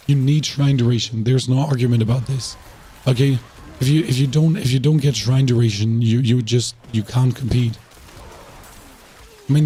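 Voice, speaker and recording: A man's voice: medium pitch, dark tone, slight background noise. A man who has lost his voice, chatting casually to viewers while streaming a game, rambling and asking them rhetorical questions. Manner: rambling, repeats himself, asks chat rhetorical questions.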